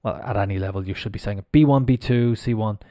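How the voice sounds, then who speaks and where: A man's voice: fairly low pitch, dark tone, no echo, clean studio sound. Irish man teaching English pronunciation. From Ireland. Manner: explains slowly, spelling words out letter by letter. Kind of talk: live-stream pronunciation lesson.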